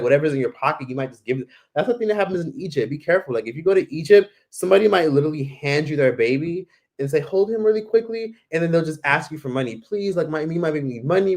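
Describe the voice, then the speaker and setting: A man hosting a casual live Q&A from home, rambling with lots of "like" and "literally" and acting out the people he quotes. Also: a little high. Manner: rambling, fills talk with "like" and "literally"; acts out the voices of people he quotes. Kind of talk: casual livestream chat.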